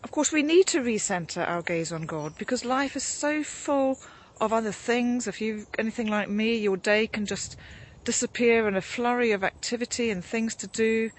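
A woman reverend giving a gentle, musing devotional reflection, a bit out of breath after a morning walk outdoors, with frequent ums and restarts. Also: fairly high pitch, moderate pace. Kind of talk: informal spoken devotional reflection.

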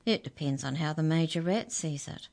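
A wise storybook mouse speaks slowly and gravely, calm even when things look bad, voiced by a woman. The voice is low and steady. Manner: slow and grave.

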